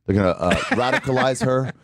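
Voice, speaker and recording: A man's voice: mid-range voice, a little fast, no echo. A man, a comedian guest on a radio show, telling stories in a brash, profane way and acting out both sides of each exchange. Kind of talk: casual talk radio chat.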